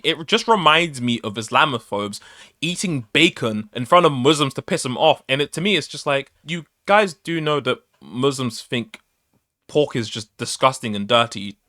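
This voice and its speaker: A man's voice: mid-range voice, pushed and bright, no room sound, studio quality. A man ranting in an opinion vlog, exasperated and incredulous, his voice worn out. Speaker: vlogger.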